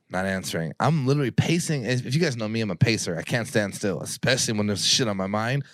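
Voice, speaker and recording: A man's voice: on the low side, expressive, quick pace, hardly any pauses, a bit bright, no room sound. A man telling a personal story on a podcast in a casual, rambling way, swearing freely and acting out what people said. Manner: profane, rambling, acts out quoted people.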